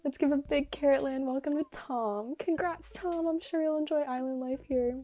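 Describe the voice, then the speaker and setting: A chirpy female announcer makes island announcements in a cozy life-sim game, read out by a woman. She lifts her pitch into a cheerful lilt, recorded close through earbuds. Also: moderate pace, mellow, natural voice. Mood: cheery.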